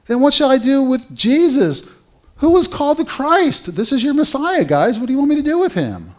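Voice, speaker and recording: A preacher voicing an exasperated, incredulous Roman governor in a sermon. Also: male voice, very high-pitched, very animated, moderate pace, pitched above the performer's own voice. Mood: pleading. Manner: incredulous, pleading. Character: exasperated Roman governor, male, middle-aged.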